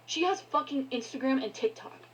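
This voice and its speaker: A woman's voice: sits high, expressive, poor audio. A woman ranting angrily to her viewers, swearing often and breaking off mid-sentence. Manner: angry, swearing, halting. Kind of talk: heated rant to camera.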